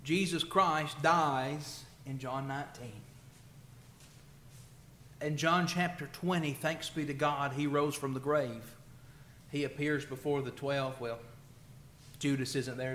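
A man preaching a sermon in a church. He is emotional, swelling loud on scripture and then dropping soft. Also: mid-range voice, steady tone, measured pace, long pauses, roomy sound, a little hiss or hum. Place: church sanctuary.

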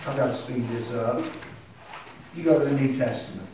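A man's voice: medium pitch, normal speed, dark tone, slight background noise. A man preaching a sermon with impassioned delivery that climbs to emphatic peaks. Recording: echoey hall heard from a distance.

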